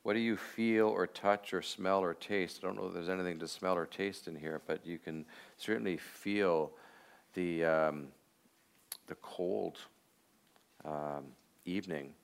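A man teaching a class, leading a guided meditation on a Bible passage in a reflective, unhurried way with frequent filler pauses. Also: deep voice, fairly even intonation, vocal fry, clean tone.

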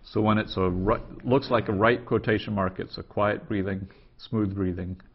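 A man's voice: fairly low pitch, fairly even intonation, normal speed, lo-fi sound, a little hiss or hum. A man teaching ancient Greek verb forms in a patient, methodical way, repeating each form aloud. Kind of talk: slow spoken grammar lesson.

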